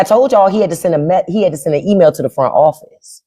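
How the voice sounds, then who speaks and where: Animated, profane woman livestreamer. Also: fairly low pitch, fast talker, few pauses. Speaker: livestream host. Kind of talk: casual livestream rant.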